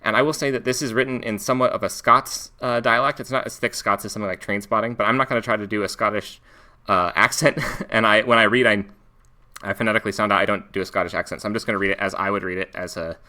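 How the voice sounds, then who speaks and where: A man's voice: lowish voice, fairly even intonation, quick pace, sharp tone. A man from Alaska with an American accent, talking casually through a book review with frequent restarts and fillers. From Alaska, United States. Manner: thoughtful, restarts and fillers, reads passages aloud.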